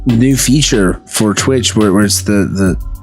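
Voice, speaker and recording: A man hosts a casual gaming podcast, rambling along and hunting for words with plenty of fillers. His voice sits a little low. Faint music plays behind him. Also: unhurried, darkish tone. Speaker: podcast host. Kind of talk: casual interview chat.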